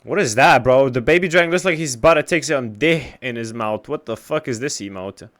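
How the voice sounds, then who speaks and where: A man's voice: medium pitch, a little fast, a bit bright. A young man streaming games live, chatting casually and trash-talking with lots of swearing. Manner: profane, trash-talking banter.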